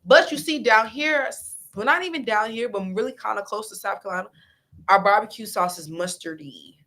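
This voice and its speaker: A woman co-hosting a casual chat show, chatty and quick to restart her sentences. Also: mid-range voice. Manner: animated, chatty, restarts a lot. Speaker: podcast co-host.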